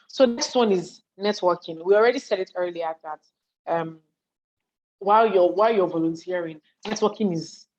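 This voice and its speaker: Over a video call with dull, lo-fi audio and a little hiss or hum, a Nigerian woman gives a live online talk on leadership and volunteering from her home study to an audience in a chat. Her fairly low voice stays lively and conversational as she acts out what people say and asks if everyone follows, all while hungry and yawning.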